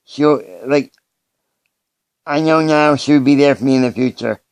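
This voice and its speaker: An earnest man speaks in a personal video message, halting and often starting his thoughts over. His voice is smooth and clear at a middle pitch, and it sounds close and dry. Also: dry recording. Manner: earnest, halting, with frequent restarts.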